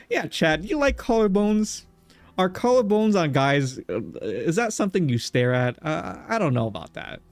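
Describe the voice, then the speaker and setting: A man playing through a game on stream, cracking jokes and talking back to his chat and the on-screen characters. His voice sits dry and close, with soft music running underneath. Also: on the high side, very animated, normal speed, dry recording. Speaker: streamer playing a visual novel. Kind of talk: casual let's-play chat.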